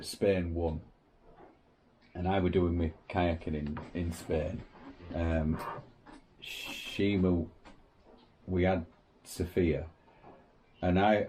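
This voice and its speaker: A man's voice: low-pitched, slight background noise, low-quality recording. A man, co-hosting a casual podcast and telling stories with plenty of swearing. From England. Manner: swears freely, animated storytelling. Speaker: podcast co-host. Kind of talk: casual chat.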